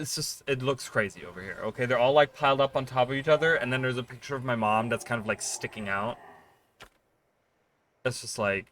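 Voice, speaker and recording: A man streaming live, chatting casually with his viewers in a rambling, excitable way and swearing freely. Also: medium pitch.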